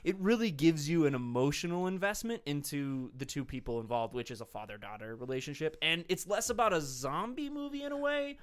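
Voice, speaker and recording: A man co-hosting a casual movie podcast, enthusiastic and quick to laugh, often talking over the others. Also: fairly high pitch, animated, clean tone. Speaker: podcast co-host.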